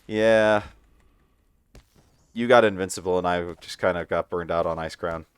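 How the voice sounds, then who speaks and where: A man chatting casually with his wife while they play an online game at home, making wry deadpan jokes. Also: low-pitched, moderate pace, clear, resonant tone, no echo. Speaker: gamer playing with his wife. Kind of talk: casual let's-play chat.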